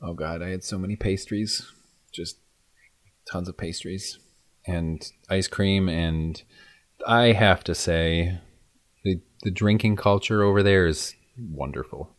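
A man tells stories in relaxed, easy conversation, clearly enjoying himself. His voice sits very low. The sound is close and dry, with no room echo. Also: slow. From American Midwest. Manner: chatty, enthusiastic storytelling. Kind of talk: casual chat.

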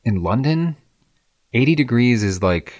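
A man's voice: medium pitch, expressive, unhurried, a little mellow, no echo, clean studio sound. A man from the Midwest, chatting casually and telling stories with enthusiasm. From American Midwest. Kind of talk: casual chat.

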